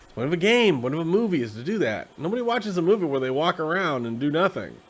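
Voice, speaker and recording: A man's voice: fairly high pitch, very animated. Tired man rambling casually as host. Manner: conversational, acts out quick quoted asides. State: tired, yawning. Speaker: host discussing a tabletop game class.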